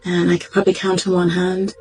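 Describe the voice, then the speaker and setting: A woman doctor giving a reflective, heartfelt personal testimony, pausing and searching for words as she goes. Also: fairly low pitch, completely flat delivery, a little mellow, poor audio. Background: faint background music.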